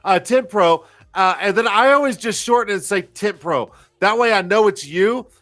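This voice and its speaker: A man's voice: high-pitched, moderate pace, a bit bright, soft background music. A man in his forties hosting a live stream, rambling and swearing freely in casual chat. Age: 40s. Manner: profane, rambling, self-mocking. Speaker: host.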